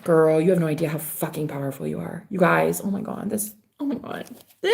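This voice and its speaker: A woman's voice: sits low, fairly quick, gravelly, darkish tone. A woman tarot reader chatting on a live stream, gushing and swearing freely as she talks to viewers.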